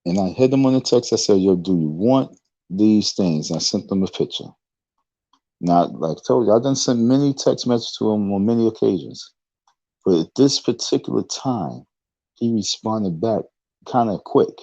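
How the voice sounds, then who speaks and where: Low-voiced guy, rambling story, keeps restarting, dry dull lo-fi recording. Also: moderate pace, vocal fry, warm tone, no echo. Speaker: online talk show host. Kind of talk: casual monologue.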